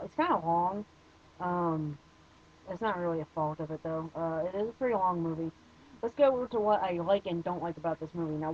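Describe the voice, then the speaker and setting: A man's voice: high-pitched, slight background noise. Rambling young man with a muffled, lo-fi sound. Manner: hesitant and rambling, many fillers and restarts, blunt opinions. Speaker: movie reviewer. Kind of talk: casual spoken review.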